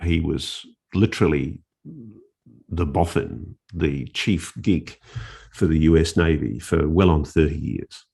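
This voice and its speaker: A male journalist telling a story in casual conversation, animated and often restarting his phrases. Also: extremely low pitch, slow pace, gravelly, slightly rough. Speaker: investigative journalist, interview guest.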